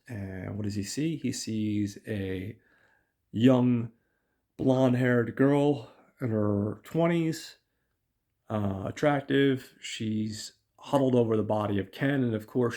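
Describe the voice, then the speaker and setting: A male host recapping a film in a loose, rambling way, swearing often and talking straight to his audience. His voice sits at an ordinary middle pitch, and his delivery is chatty and unpolished. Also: slow pace, dark tone. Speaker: podcast host.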